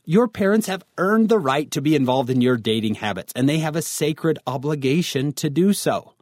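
A man's voice: a little high, expressive, moderate pace, darkish tone, no echo, clean studio sound. A man giving a devotional talk to teens, telling a story and speaking straight to his listeners. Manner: storytelling, addresses listeners directly. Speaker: youth speaker.

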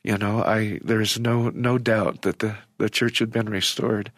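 An older man, an interview guest, telling a personal story in a halting, emotional way with many restarts. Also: on the low side, steady tone, fairly bright tone, no echo, clean studio sound.

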